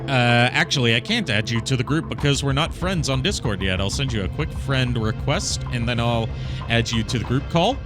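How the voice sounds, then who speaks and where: A man's voice: medium pitch, animated, moderate pace. A male streamer talks casually over his gameplay, rambling and joking with plenty of fillers. His voice sits mid-range, and faint game music plays behind him.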